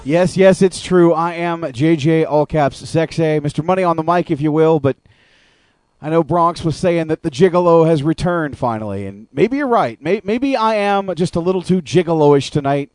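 A male radio host talks casually and rants with lots of profanity, stumbling over restarts. His voice sits a little high and is recorded very dry and close. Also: normal speed, a little mellow, dry recording, soft background music. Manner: profane, ranting, stammering restarts.

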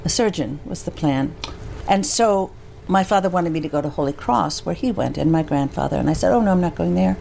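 An older woman from the United States speaks as an interview guest, telling anecdotes with lively shifts into the voices of people she remembers. Her delivery is conversational and expressive. A faint hiss of background noise sits under the recording. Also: lowish voice, fairly quick, gravelly, hardly any pauses. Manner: animated, anecdotal, acts out quoted voices. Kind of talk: conversational storytelling.

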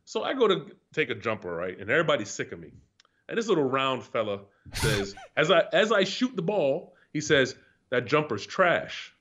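A man, profane, animated storyteller, slightly muffled. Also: mid-range voice, a little fast, slight background noise. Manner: animated, profane, laughs through stories. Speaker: guest, retired pro athlete. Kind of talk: casual storytelling chat. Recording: slightly dull lo-fi sound.

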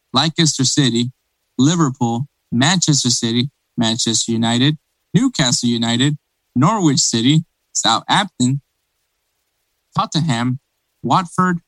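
A man in casual podcast chat, circling his points and restarting often. His voice sits at an ordinary pitch. The sound is close and dry with no room around it. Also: fairly bright tone, dry recording, low-quality recording. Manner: rambling, many restarts and fillers. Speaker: podcast co-host.

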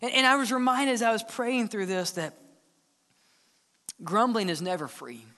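A man preaching a sermon as the church's pastor, earnest, sometimes dropping to a hushed tone to press a point. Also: sits high, normal speed. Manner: earnest preaching, drops to hushed tones for emphasis. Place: church sanctuary. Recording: long church hall reverb.

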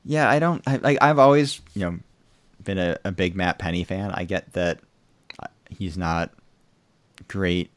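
A man's voice: low voice, a little slow, pauses often, no echo. A man hosting a casual podcast, rambling with many fillers such as "you know". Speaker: podcast host. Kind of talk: casual chat.

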